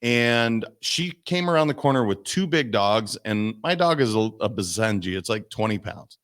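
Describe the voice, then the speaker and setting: Animated man telling stories on a podcast. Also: fairly low pitch, normal speed. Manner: animated storytelling, acts out voices in quotes. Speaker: guest, mindset and business coach. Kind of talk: podcast interview.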